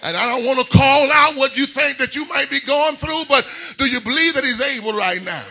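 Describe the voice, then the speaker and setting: Husky high preacher guy, bright tense voice, hollers and sings his lines in church. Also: a little fast. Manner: whooping call-and-response preaching, rising into shouts. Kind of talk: sermon.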